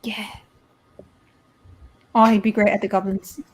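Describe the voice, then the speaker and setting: A woman's voice: mid-range voice, level tone, a little slow. A woman with a Dublin Irish accent, hosting a casual chat and often stammering and repeating herself. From Ireland. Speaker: host.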